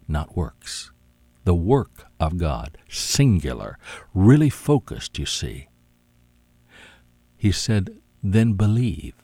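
This sermon comes from a man whose low, mellow voice has a breathy edge, captured on a dry recording. Emphatic and repetitive, he draws out his phrasing, repeats key words, and frequently calls the listener "my friend."

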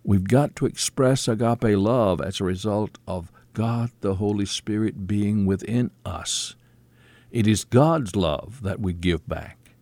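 A man preaching a sermon, explaining scripture slowly and quoting it as he teaches. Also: fairly low pitch, mellow, dry recording.

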